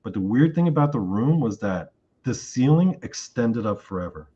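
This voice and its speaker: A man's voice: medium pitch, normal speed, breathy edge, lo-fi sound. A man being interviewed, telling a long dream story in casual talk and acting out what he said in it. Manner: animated retelling of a dream, acting out his own lines. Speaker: interview guest.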